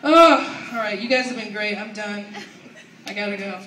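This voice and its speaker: A young woman doing an animated stand-up set at an open mic, acting out her family. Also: mid-range voice, moderate pace. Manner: animated, acts out family members. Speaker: stand-up comedian. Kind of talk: stand-up comedy storytelling. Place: open mic at a university venue. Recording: echoey room from far, faint noise.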